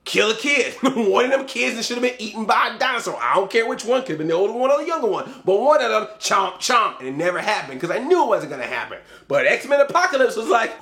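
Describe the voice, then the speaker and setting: Male vlogger, high-pitched, animated casual film-review delivery with frequent laughs. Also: fast, hardly any pauses. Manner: animated, laughs often, acts out scenes in quoted voices. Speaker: movie reviewer. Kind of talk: casual movie review rant.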